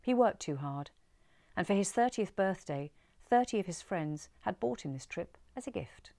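A woman reading a story aloud in an expressive, measured way. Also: mid-range voice, no room sound, studio quality.

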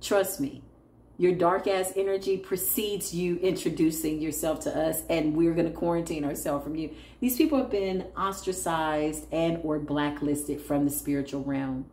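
Sassy low-voiced woman reading tarot. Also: normal speed, dark tone. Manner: sassy, blunt, laughing, calls listeners "child". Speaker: tarot reader. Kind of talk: casual tarot reading to viewers. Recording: echoey room with faint noise.

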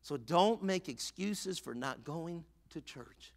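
Bright-voiced fervent man preaching in a reverberant hall. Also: on the high side, animated, takes it slowly. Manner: fervent preaching, acts out imagined voices of churchgoers and neighbors. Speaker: pastor. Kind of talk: sermon. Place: church sanctuary.

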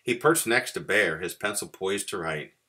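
A man, a pastor, reading a story aloud to children with expressive storytelling. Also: low-pitched, normal speed.

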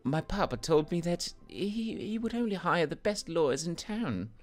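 A man's voice: a little high, big pitch swings, moderate pace, faint music behind, voice pushed up. A man voicing a prim young noblewoman held in prison, haughty and formal in a video game let's play.

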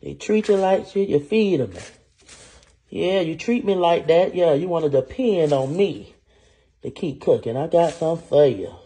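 A man's voice: a little high, warm tone. A man playing a scorned, vengeful wife who talks sassily to viewers in a comedy cooking skit. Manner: sassy, talks straight to viewers with "y'all" and "honey".

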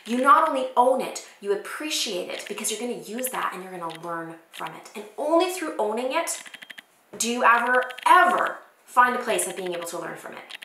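Speaking a little fast in a sing-song, slightly high voice that's pushed and bright, a woman in her thirties who homeschools offers earnest, encouraging advice directly to camera at home, acting out what she's thinking. It's recorded on a camera mic in an echoey room with faint focus clicks and slight background noise.

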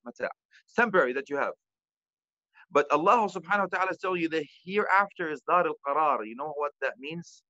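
A man's voice: on the high side, lively intonation, fast talker, bright, forceful tone, no room sound, dull audio. A man giving a sermon as an imam, addressing listeners directly and weaving in Arabic terms and recitation. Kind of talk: sermon lecture.

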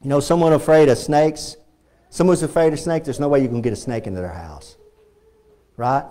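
A man's voice: a little high, fairly quick, mellow. A man with a Texan accent preaching a fervent sermon as pastor in a church, repeating his points and rising to emphatic peaks. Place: church sanctuary.

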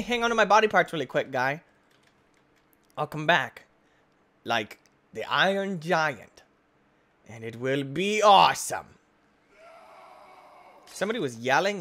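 An excitable man rattles off goofy let's-play commentary, his voice leaping all over the place. His tone is bright and sharp, and he breaks into yells and shrieks as he plays. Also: high-pitched. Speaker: gaming YouTuber.

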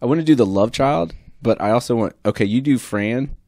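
A man hosting a comedy podcast, pitching ideas in fast, laughing, rambling bursts. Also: animated, a little mellow, no echo, clean studio sound. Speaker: podcast host. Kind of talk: casual comedy chat. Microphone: studio mic.

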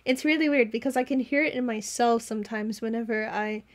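A woman's voice: fairly high pitch, fairly quick. A woman hosting a reaction video, chatting casually with giggly, enthusiastic commentary. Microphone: home recording setup.

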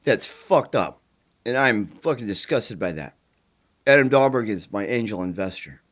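A man's voice: lowish voice, lively intonation, normal speed, a bit bright. A middle-aged man, sick with the flu and tired, making a rambling, profane plea straight to camera from his mother's home. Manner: profane, pleading, agitated. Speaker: self-recording video poster.

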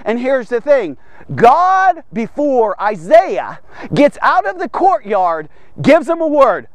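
A man hosting a daily men's devotional, teaching in an animated, conversational way full of rhetorical questions. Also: very high-pitched, a little slow, no room sound. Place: studio man cave set.

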